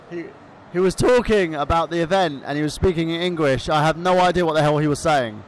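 High-voiced joking man at a live podcast. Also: moderate pace, slight background noise, low-quality recording. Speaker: podcast guest. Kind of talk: casual chat, comic storytelling. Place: convention hall at a live expo.

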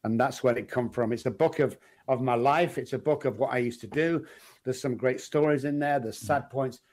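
A man's voice: medium pitch, moderate pace. A middle-aged man with a Manchester accent, telling stories as an interview guest and acting out the people he quotes. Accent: Manchester English. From England. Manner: animated storyteller, acts out quoted voices. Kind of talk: casual interview chat.

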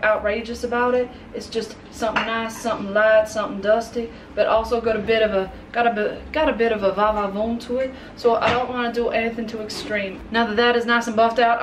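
A woman talks through a casual makeup tutorial and keeps joking with her products and herself. Her voice sits slightly high. It sounds roomy and a little distant from the mic. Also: noisy background. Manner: chatty, jokey asides to products and herself. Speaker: makeup vlogger.

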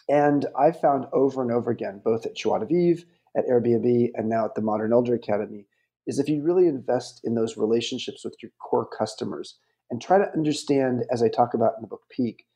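A middle-aged man, a podcast interview guest, giving reflective advice in measured phrases with some ums. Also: medium pitch, vocal fry, mellow.

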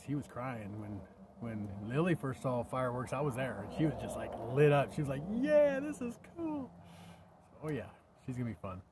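A man's voice: medium pitch, a little mellow, slight background noise. An older man rambling to camera in a casual vlog while camping by his vehicle, sometimes dropping to a whisper. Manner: rambling, drops to a whisper at times. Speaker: vlogger.

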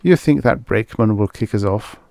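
A man voicing a harried, pleading male garage partner in an audiobook, close to his own low voice. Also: a little fast, creaky, darkish tone, dry recording. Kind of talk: audiobook character voice.

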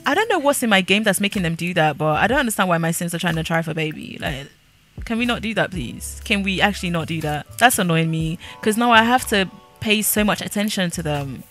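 A woman narrating her game in a sassy, gossipy, chatty way. Her voice is bright and forceful, sitting slightly low. Faint music plays behind her. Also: expressive, a little fast. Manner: chatty, sassy and nosy, with frequent laughs. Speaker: gaming creator. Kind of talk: casual gameplay commentary.

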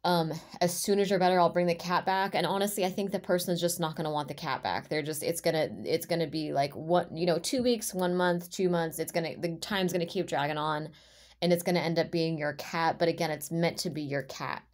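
A woman giving an intuitive tarot reading to her viewers, talking in a rambling, heartfelt way with many halting restarts. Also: fairly low pitch, fairly even intonation, a little mellow. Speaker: tarot reader.

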